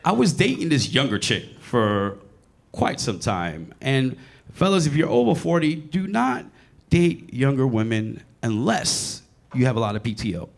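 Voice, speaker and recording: Man, late forties, stand-up comedian, crude storytelling, teases the crowd, gravelly, very lively pitch. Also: measured pace. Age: 40s. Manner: crude, animated storytelling with audience banter. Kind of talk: stand-up set in a club. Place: comedy club with live audience.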